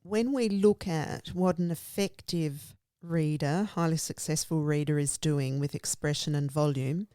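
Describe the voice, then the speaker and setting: An Australian woman, speaking as a guest, gives a conversational explanation of literacy teaching in an earnest, emphatic manner, often laying points out in lists. Her voice is deep and mellow, a little slow, with few pauses, on a dry recording.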